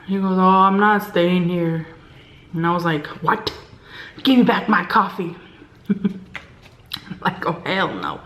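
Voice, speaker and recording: A woman's voice: fairly low pitch, takes it slowly, long pauses. Chatty woman telling a story, echoey room. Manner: chatty, animated quoting of others; drops to a hushed whisper at tense moments. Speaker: vlogger telling a work story. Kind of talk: casual storytime chat.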